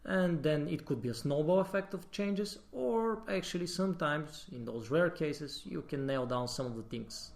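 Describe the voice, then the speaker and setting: A man's voice: a little high, expressive, normal speed, creaky, hardly any pauses, a little mellow. A man, a guest level designer, explaining his working process in a casual podcast discussion. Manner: explanatory, advice-giving.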